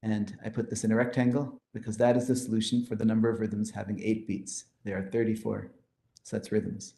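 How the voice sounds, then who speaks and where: A man's voice: on the low side, little pitch movement, a little fast, creaky, warm tone, reverberant. A man giving a lecture on mathematics, explaining formulas and counting step by step with enthusiasm. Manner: explanatory, enthusiastic, pointing to slides. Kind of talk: math lecture.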